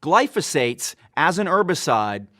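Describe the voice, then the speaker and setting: A man narrates a scripted explainer in a steady, measured way, spelling each point out clearly. His voice sits a touch higher than average.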